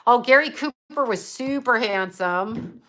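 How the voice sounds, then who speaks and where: Blunt, bright-voiced woman chatting. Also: a little high, expressive, unhurried. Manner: blunt, profane, opinionated; trails off, talks to herself while looking things up. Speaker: livestream host answering chat. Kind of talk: casual rambling chat.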